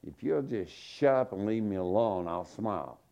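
A man's voice: on the low side, lively intonation, moderate pace, creaky, warm tone. A man voicing a sulky young boy with attitude, grumbling and sullen, within a sermon. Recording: dull lo-fi sermon recording.

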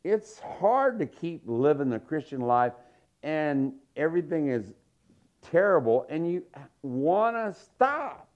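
Lively, folksy man preaching a sermon. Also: a little high, takes it slowly. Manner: folksy, joking, animated storytelling. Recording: dull lo-fi sermon recording.

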